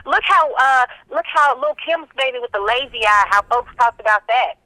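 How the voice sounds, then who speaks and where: A woman co-hosts a radio talk show, trading celebrity gossip with a blunt, sassy edge. Her voice is bright and tense, and it sits dry and close in the studio. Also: sits high, lively intonation, normal speed, dry recording, poor audio. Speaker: radio co-host. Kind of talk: casual celebrity gossip chat.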